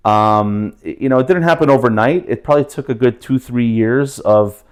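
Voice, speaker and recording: A man's voice: medium pitch, normal speed, clean tone. A man, a Russian speaker, chatting as an interview guest, full of fillers and restarts. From New Jersey, USA. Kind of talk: casual interview conversation.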